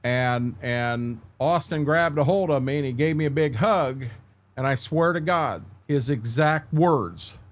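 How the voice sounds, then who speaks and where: A middle-aged man, hosting a casual livestream from home. He tells candid, meandering stories, often restarting his sentences, and answers his viewers by name. His voice sits in an ordinary middle pitch. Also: measured pace. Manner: rambling, candid storytelling, frequent restarts, answers chat by name. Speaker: livestream host.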